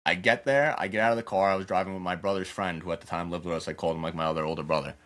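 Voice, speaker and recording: Fast-talking low-voiced young man. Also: fairly even intonation, fairly bright tone. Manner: rapid, loose storytelling full of "like" and acted-out quotes. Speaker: podcast guest. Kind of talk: candid personal storytelling.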